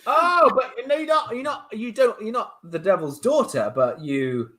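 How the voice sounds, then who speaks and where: A man's voice: sits high, expressive, moderate pace, pushed and bright. A man improvising comedy, quizzing and prodding his scene partner with frequent laughter.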